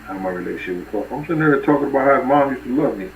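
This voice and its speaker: A New man hosts a relaxed livestream, spinning loose stories in street slang and calling out names from the chat. His voice sits at an everyday middle pitch and comes from a little way off the mic. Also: very fast, vocal fry, distant mic, narrow, tinny audio, a little hiss or hum. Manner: loose, rambling street-talk storytelling with shout-outs to viewers. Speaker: livestream host. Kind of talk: casual storytelling on a livestream.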